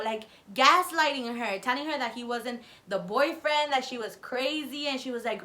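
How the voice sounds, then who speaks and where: A young woman in her twenties, chatting through a storytime for her vlog. Her voice sits a little high and comes across bright and forceful as she swears freely and acts out what people said. Faint music plays underneath. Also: brisk. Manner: animated, profane, acting out quotes. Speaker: vlogger. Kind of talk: casual storytime.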